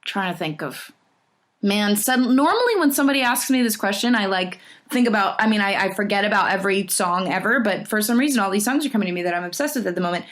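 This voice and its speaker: A woman's voice: mid-range voice, expressive, fast, a bit bright. Bubbly woman rambling through fan questions. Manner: bubbly, rambling, with many fillers and restarts. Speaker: singer and actress answering fan questions. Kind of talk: casual fan Q&A.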